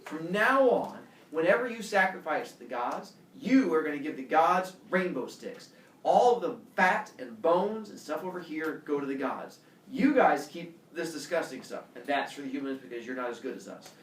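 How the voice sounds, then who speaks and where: A man's voice: a little high, animated, normal speed, close to an everyday voice. A man voicing a pompous, gullible king of the gods who proclaims grandly. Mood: proclaiming. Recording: echoey room from far off.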